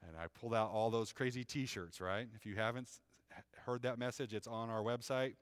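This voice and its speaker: A man's voice: mid-range voice, steady tone, no room sound. A man preaching a sermon as the pastor, conversational and plain-spoken, often checking in with "right?". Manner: reads scripture aloud in a raised, slower voice.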